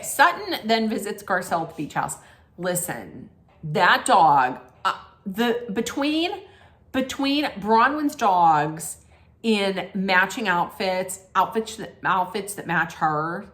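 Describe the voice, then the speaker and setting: A woman's voice: medium pitch, fairly bright tone. A woman hosting a casual TV recap, chatty and rambling, often correcting herself mid-sentence. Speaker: host.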